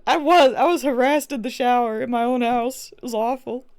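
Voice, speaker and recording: A young woman chats on her game stream from home, her voice sitting fairly high. She rambles through a story, tripping over her words and restarting often. The sound is close and dry, with no room around it. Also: measured pace, long pauses, darkish tone, no echo. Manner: rambling, chatty storytelling with many restarts and fillers. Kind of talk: casual livestream chat while playing a game.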